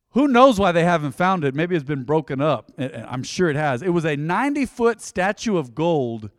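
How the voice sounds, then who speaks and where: A middle-aged male pastor giving a conversational sermon, dropping to a near hush and then surging loud. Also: high voice, no room sound, clean studio sound.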